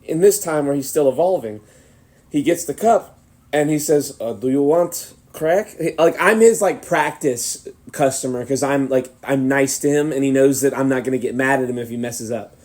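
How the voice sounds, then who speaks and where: A man's voice: medium pitch, moderate pace, a little mellow. A young man hosting a podcast, telling a long rambling anecdote with frequent laughs in a casual chat. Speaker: podcast host.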